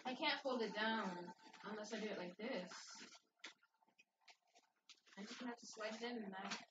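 A woman's voice: medium pitch, moderate pace. A woman vlogger chatting casually with teasing, rambling asides while crafting. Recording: echoey, distant, dull, noisy room.

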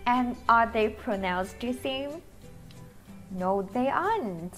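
A woman with a Vietnamese accent teaching English pronunciation to children, slowly drawing out each vowel sound. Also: on the high side, animated, soft background music. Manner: slow, sing-song teacher talk, drawing out vowel sounds.

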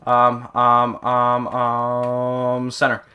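A young man commenting over his own gameplay, excitable and often yelping and exclaiming. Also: mid-range voice, extremely slow, lo-fi sound. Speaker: gaming channel host.

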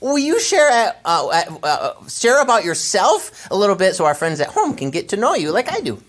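An enthusiastic woman hosting a children's library show, warmly interviewing a storyteller guest. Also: mid-range voice, wildly swooping pitch, moderate pace. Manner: enthusiastic and gushing.

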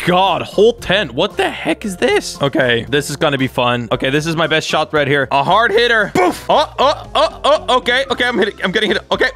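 Young male gaming YouTuber, high bouncy voice, hyper and laughing, light music underneath. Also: very animated. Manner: hyper, shouty, quick to laugh. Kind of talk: excited gameplay commentary.

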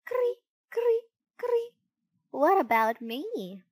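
A woman's voice: a little high, expressive, slow pace, no echo, exaggerated voice. A woman voicing a bossy, preachy male cricket in a storybook reading, lecturing and cheeky.

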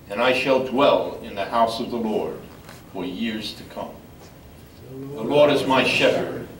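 An older man, a priest, reading scripture in a measured, solemn way at a memorial service. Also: medium pitch. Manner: measured solemn reading, halting when speaking freely. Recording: echoey room from far off, faint background noise.

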